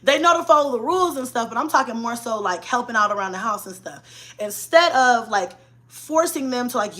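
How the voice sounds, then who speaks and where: A woman's voice: on the high side, lively intonation, fairly quick, sharp tone. A woman in her thirties talking casually to camera as a mom vlogger, chatty and blunt, cursing freely. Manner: chatty and blunt, frequent cursing and "you know what I'm saying".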